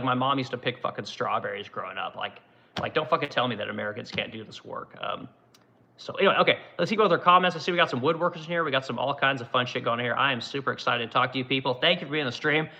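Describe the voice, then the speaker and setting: A man's voice: medium pitch, creaky, pushed and bright. A middle-aged man hosting a woodworking livestream, ranting angrily with heavy swearing and frequent "right?" tag questions. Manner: angry, profane, repetitive "right?". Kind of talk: profane livestream rant. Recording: dull lo-fi sound.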